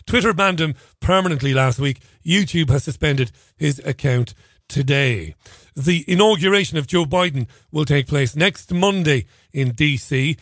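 A man's voice: fairly high pitch, normal speed, no room sound. A male radio host delivering a chatty talk radio monologue with sardonic, self-deprecating asides.

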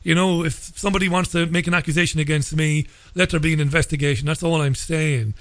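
A man hosting a radio interview, speaking in a measured, hesitant way with frequent stammers. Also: on the high side, fairly even intonation, a bit bright, no echo. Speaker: radio show host.

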